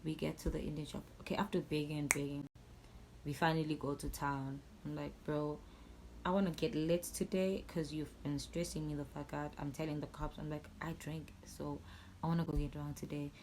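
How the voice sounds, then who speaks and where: Low-voiced angry Swazi woman. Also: normal speed, background noise. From Eswatini. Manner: angry, animated, swears a lot, switches into siSwati. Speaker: YouTuber. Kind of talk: storytime vlog.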